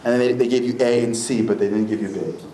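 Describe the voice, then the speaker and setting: A man's voice: lowish voice, steady tone, warm tone. Man, lecture, jokey storytelling, roomy hall echo, faint noise. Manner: comic, acts out quoted voices, rapid storytelling. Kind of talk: animated religious lecture. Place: packed synagogue hall.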